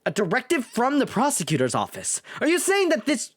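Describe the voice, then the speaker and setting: A man's voice: very high voice, huge pitch swings, fairly quick, fairly bright tone, voice pushed up, exaggerated voice. A man voicing an earnest, eager young male defense lawyer, pressing hard with a raised voice.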